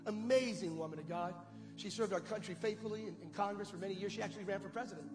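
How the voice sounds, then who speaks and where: Man, pastor, sermon, very high voice, shouting exhortations, music behind, long reverb. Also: very fast. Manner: animated storytelling, building to shouting exhortation.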